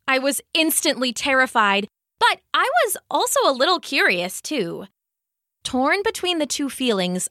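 A woman gently narrating a children's bedtime story with expressive delivery. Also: sits high, no echo, clean studio sound.

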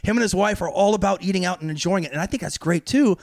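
A man with a high, light voice and a quick, rattling delivery tells stories on a podcast. He jumps into quoted lines and acts them out. His voice sits close and dry, with no room around it. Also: no echo. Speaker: podcast guest, actor. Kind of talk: casual chat. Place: podcast studio.

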